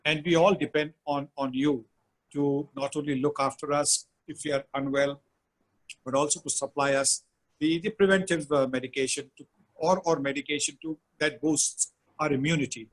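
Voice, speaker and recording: A man's voice: on the high side, fairly even intonation, moderate pace, low-quality recording. An older man, sharing anecdotes and advice as a guest speaker in a webinar chat, with many fillers.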